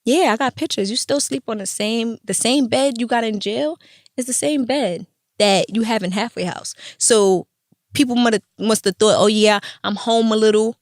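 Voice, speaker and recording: Profane, animated young woman storyteller. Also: on the high side, normal speed, no room sound, clean studio sound. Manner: animated and profane, acts out quoted voices. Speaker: podcast host. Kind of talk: casual storytelling.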